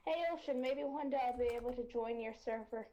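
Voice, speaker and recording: High-voiced young woman on lo-fi chat. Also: fairly quick, mellow. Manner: playful, giggly. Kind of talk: casual chat. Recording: dull lo-fi voice chat.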